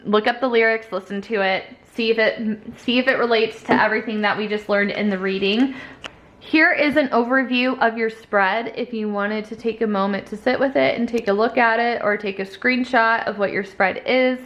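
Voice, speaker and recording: A woman's voice: fairly high pitch, normal speed, a bit bright. A young woman giving a casual tarot reading, talking in a rambling, upbeat way full of fillers. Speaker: tarot reader. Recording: echoey room.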